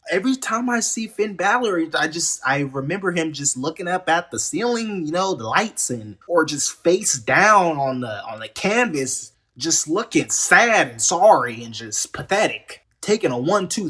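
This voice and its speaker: A man's voice: a little high, bright, forceful tone. Man, wrestling show reviewer; casual heated rant, sarcastic, stumbles over repeated words. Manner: repeats words and restarts often.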